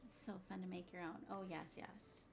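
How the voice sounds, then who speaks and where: A woman chatting casually on a crafting livestream, bubbly and quick to laugh, greeting viewers loudly and muttering to herself as she works. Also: fairly low pitch, fairly even intonation, creaky. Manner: mutters and whispers to herself while working. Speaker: craft streamer.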